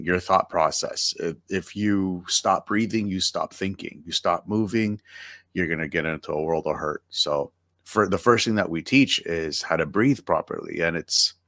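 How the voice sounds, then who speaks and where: Man, very low voice, podcast host, relaxed, reflective, dry recording. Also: no echo. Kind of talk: conversational interview.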